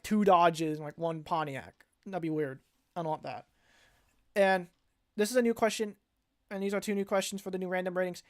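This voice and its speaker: A young man hosting a casual livestream announcement as a league organizer, rambling and often correcting himself mid-sentence. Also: high voice. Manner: rambling, frequent self-corrections and restarts.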